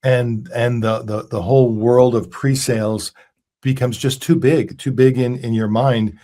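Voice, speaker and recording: A male podcast host reflects out loud in casual conversation. He circles back and restarts phrases as he works his thoughts through. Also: mid-range voice, fairly even intonation, a little slow.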